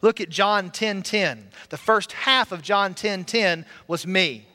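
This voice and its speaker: Here the Alabama pastor's voice is high-pitched, bright and forceful, and he takes it slowly. Preaching in a church sanctuary, he recounts his own story earnestly and occasionally sings, all echoing with hall reverb.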